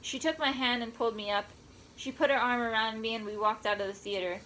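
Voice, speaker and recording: A woman's voice: a little high, steady tone, a little fast, sharp tone, slight background noise, low-quality recording. A woman reading a first-person story aloud in a wry, conversational way. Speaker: audiobook narrator.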